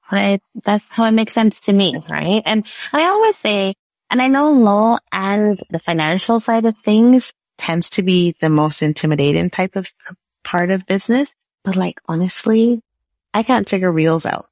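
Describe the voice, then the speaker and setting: A woman's voice: medium pitch, lively intonation, normal speed, darkish tone, no room sound. A woman who is a business lawyer, explaining legal ideas on a podcast with everyday analogies and frequent "right?" checks. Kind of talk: podcast interview.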